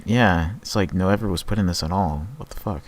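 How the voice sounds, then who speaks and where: Deep-voiced man, rambling and profane. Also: fairly quick. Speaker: podcast host. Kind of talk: casual chat.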